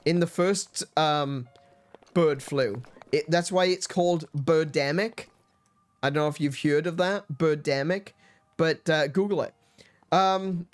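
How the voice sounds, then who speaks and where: Slow, playful male game streamer. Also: on the high side, soft background music. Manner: playful, jokey, laughs a lot, talks to chat. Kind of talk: casual live gameplay commentary.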